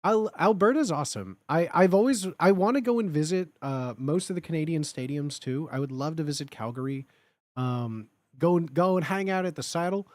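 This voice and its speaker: Rich: A young man streaming live, rambling excitedly to his viewers and swearing cheerfully along the way. His voice sits high and swings all over the place. The sound is close and dry, with no room around it. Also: fairly quick, no room sound. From Chicago area, United States. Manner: excitable, rambling, lots of filler words and swearing. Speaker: livestreamer. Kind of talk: casual chat with viewers.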